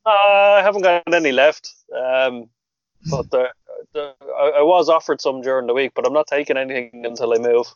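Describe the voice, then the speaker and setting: A man's voice: medium pitch, normal speed, clean tone, no room sound. A man, co-hosting a podcast and rambling through workshop stories, laughing often. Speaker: podcast co-host. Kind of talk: casual chat. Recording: dull lo-fi sound, dry.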